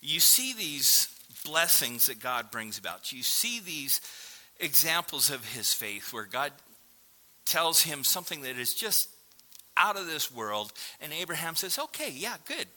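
A man's voice: fairly high pitch, sing-song, measured pace, bright, forceful tone. A man preaching a sermon in a conversational way, acting out the voices of the people he quotes. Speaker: pastor.

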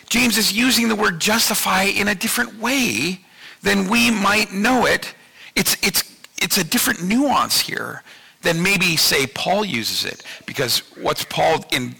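Gravelly, bright-voiced pastor in his fifties. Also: fairly high pitch. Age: 50s. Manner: conversational, repeats himself, checks in with the audience. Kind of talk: sermon.

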